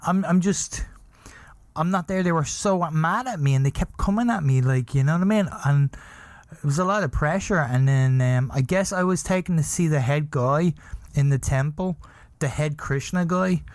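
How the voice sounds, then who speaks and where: A man's voice: on the high side, normal speed, no room sound. A man hosting a podcast, telling a rambling comic story and laughing at his own jokes. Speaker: podcast host.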